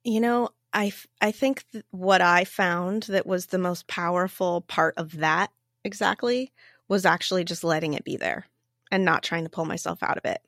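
A woman's voice: fairly low pitch, steady tone, normal speed, a bit bright, no echo. A woman speaks as a guest in a podcast interview, reflective and heartfelt. Her voice is recorded close and dry, with no room sound.

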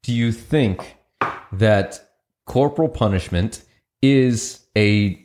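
A man's voice: on the low side, slow pace, a little mellow, slight background noise. A man hosting a casual chat, asking questions and laughing along.

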